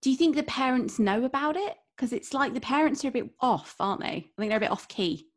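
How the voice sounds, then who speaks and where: A woman co-hosting a podcast, speaking in relaxed casual chat and laughing between remarks. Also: high-pitched, quick pace. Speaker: podcast co-host.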